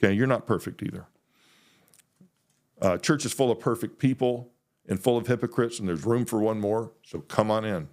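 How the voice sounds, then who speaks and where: Blunt, animated man ranting on a podcast. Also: fairly low pitch, moderate pace. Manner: blunt, animated, mimics others' voices. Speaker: podcast host, former pastor. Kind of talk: opinionated solo podcast talk.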